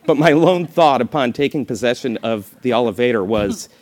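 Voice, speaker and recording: A man's voice: medium pitch, animated, normal speed, darkish tone. Man reading a memoir with wry asides.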